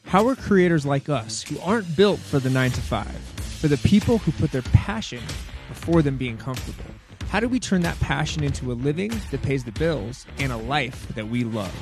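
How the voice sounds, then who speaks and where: A man reading his podcast's scripted intro in a measured, rhetorical way. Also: mid-range voice, animated. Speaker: podcast host. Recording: intro over loud music. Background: loud music.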